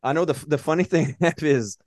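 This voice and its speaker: A man's voice: fairly high pitch, moderate pace, a little mellow, dry recording. A man co-hosting a podcast, chatting casually about movies, rambling, swearing and acting out scenes. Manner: rambling, swears, acts out characters in quotes. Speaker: podcast co-host.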